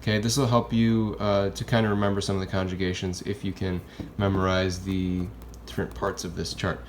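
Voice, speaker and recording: A man's voice: deep voice, little pitch movement, brisk, a little hiss or hum. A man who teaches Spanish, explaining grammar in a casual, chatty classroom style and often checking in with "okay?" and "right?".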